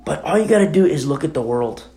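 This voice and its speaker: Gravelly, impassioned preaching man. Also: fairly high pitch, lively intonation, fast. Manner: impassioned, blunt, swings from hushed to loud. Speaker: pastor. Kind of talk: expository sermon.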